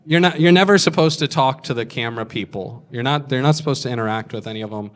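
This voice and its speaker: A man's voice: medium pitch, fast. A man in his thirties doing stand-up, telling rambling self-mocking stories and swearing freely. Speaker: stand-up comedian. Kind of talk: stand-up storytelling.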